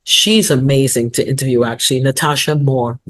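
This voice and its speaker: A woman's voice: rumbling low, normal speed. A woman in her sixties, a guest on an interview show, telling stories and giving motivational advice with frequent laughter. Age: 60s. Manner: lively, laughs often, motivational, storytelling. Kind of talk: casual interview talk.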